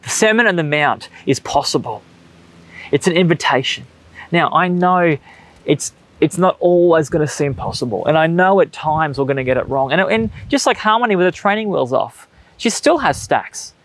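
A man's voice: a little high, expressive, normal speed, fairly bright tone, dry recording. A man in his thirties with an Australian accent, preaching a sermon in a conversational, earnest way with everyday stories. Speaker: pastor. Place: church stage.

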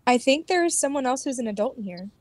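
Young woman streamer, high bright voice, dry close mic, excitable and apologetic. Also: quick pace, dry recording. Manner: excitable, apologetic, squeals when upset. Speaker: streamer playing with friends. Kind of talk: casual gaming chat.

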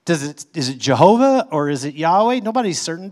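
Male pastor, slightly higher-pitched voice, conversational teaching sermon with emphatic stresses. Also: very animated, a little fast. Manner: conversational teaching, reads scripture aloud and explains it; emphatic swings in pitch and loudness.

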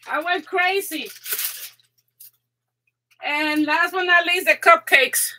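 A middle-aged woman hosting a live crafting stream, chatting casually and excitedly with her viewers, laughing often, her voice rising high when she gets excited. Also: drawn-out words, slight background noise. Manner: excitable, giggly, chatty, talks to viewers in chat. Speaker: crafting channel host.

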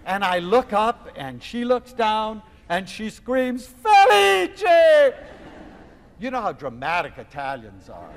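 A man giving a lecture to an audience, telling a personal story in a theatrical, expressive way. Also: high-pitched, long reverb tail, a little hiss or hum. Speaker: lecturer on love.

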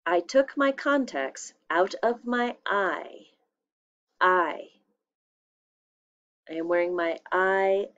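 A woman teacher giving a spelling test to young children, saying each word slowly and clearly and repeating it. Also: lowish voice, fairly bright tone, highs cut off.

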